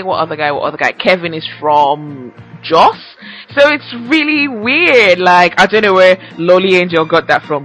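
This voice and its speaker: A woman's voice: lowish voice, a bit bright, rough recording. A young woman hosting a casual solo podcast, chatty and teasing, laughing often at her own remarks. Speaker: podcast host.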